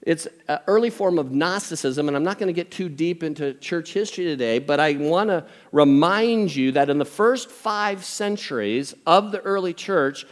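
A man's voice: a little high, moderate pace, few pauses. An older man preaching a sermon as pastor, conversational, with jokey asides. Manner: conversational, jokey asides, animated impressions of family.

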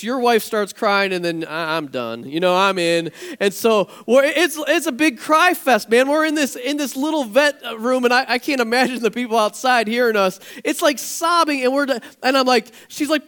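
In a church, a male pastor with a very high-pitched voice preaches a sermon built on casual storytelling. His excitement makes him animated, to the point of nearly shouting.

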